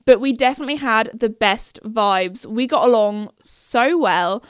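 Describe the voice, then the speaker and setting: A woman's voice: unhurried, smooth, no room sound, studio quality. A young woman, hosting a podcast and telling a story in a casual, chatty, giggly way. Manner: chatty, giggly, jumps into high-pitched quoted voices. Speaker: podcast host.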